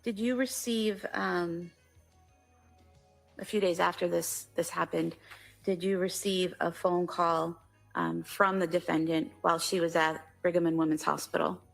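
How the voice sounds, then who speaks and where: A woman attorney questioning a witness in court, asking measured, formal questions with hesitant ums. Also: fairly low pitch, fairly even intonation, gravelly, faint music behind.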